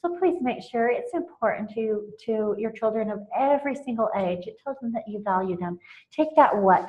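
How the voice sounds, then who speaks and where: A woman's voice: mid-range voice, moderate pace. A woman in her forties, a parenting mentor, giving earnest, emotional tips on connecting with children, often laughing and restarting her sentences. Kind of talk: informal talk on parenting tips. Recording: muffled lo-fi recording.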